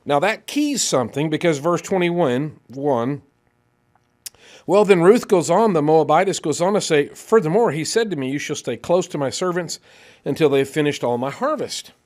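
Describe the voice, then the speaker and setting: A man preaching in a church, teaching a Bible class and reading scripture aloud, animated and speeding up when excited. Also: on the high side, moderate pace.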